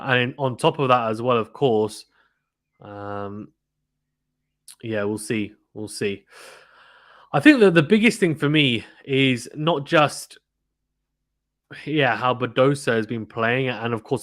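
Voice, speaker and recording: A man in casual watchalong mode, talking to his chat in a mid-pitched voice and often repeating himself. His voice is recorded close and dry, with no room sound, like a desk microphone at home. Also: fairly bright tone, no echo. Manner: chatty, repeats himself, talks to chat viewers. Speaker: live stream commentator.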